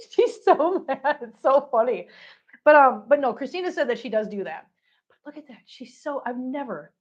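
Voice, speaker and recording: A chatty woman hosting a casual home livestream, her voice a little high. She laughs easily and slips into cooing baby talk. The sound is dull and lo-fi. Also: a little mellow. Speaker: cat channel host. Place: home, on the floor.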